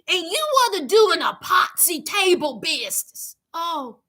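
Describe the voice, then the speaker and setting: Sassy high-voiced woman recapping a show. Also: lively intonation, a little slow, few pauses, bright, forceful tone. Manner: sassy, chatty, addresses viewers. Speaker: reality show recap host. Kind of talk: casual comedic recap.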